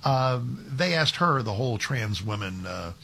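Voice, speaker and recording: A man's voice: medium pitch, animated, a little slow, gravelly, bright, forceful tone, a little hiss or hum. A man filling in as host of a talk radio show, giving emphatic commentary with many restarts and asides. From Texas.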